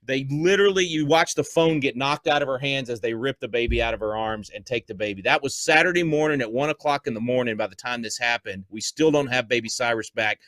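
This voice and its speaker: A man's voice: medium pitch, brisk, few pauses, fairly bright tone, no echo. A man, a guest on a podcast interview, speaking fervently and emotionally, stumbling over words when upset. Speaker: guest, homeschool advocate.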